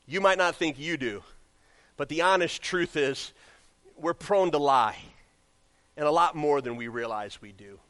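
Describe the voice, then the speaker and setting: A man preaching a sermon in a church. He reads scripture loudly and then drops into quiet, joking asides as he tells stories. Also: on the high side, measured pace, long pauses. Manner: animated storytelling, swings from loud scripture reading to quiet asides. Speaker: pastor. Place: church sanctuary.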